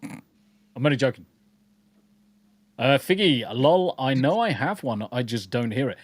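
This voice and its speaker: A man's voice: mid-range voice, lively intonation, measured pace, dry recording. A man from the English Midlands with a mixed English accent, partly southern, co-hosting a podcast in casual chat, reading comments with rambling jokes. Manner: rambling, jokey, repeats words. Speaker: podcast co-host.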